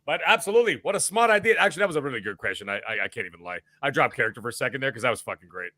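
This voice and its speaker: Bright, brash, profane man. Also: medium pitch, animated, racing, no echo, studio quality. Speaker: podcast co-host. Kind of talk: comedic in-character banter.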